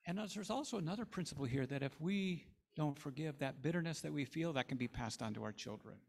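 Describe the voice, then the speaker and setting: Guy preaching a sermon, kinda gravelly, slightly high voice, earnest. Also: animated, fast talker, a little mellow. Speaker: pastor.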